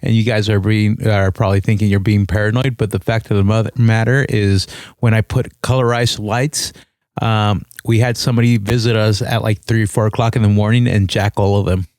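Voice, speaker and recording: A man's voice: fairly low pitch, fairly even intonation, a little fast, darkish tone, no echo, studio quality. A man co-hosting a casual podcast, sarcastic and crude, swearing freely as he jokes around. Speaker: podcast co-host.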